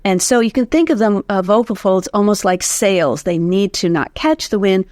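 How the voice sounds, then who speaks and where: At a moderate pace, a woman with a mid-range voice speaks in a studio-quality, echo-free recording. She's a voice teacher giving an interview on the vocal folds and breath support, lively and demonstrative, counting aloud as she leads breath drills.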